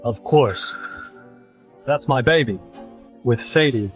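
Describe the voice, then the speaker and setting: An actor playing a cold, cruel young husband with a dismissive manner. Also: male voice, medium pitch, takes it slowly, soft background music, natural voice.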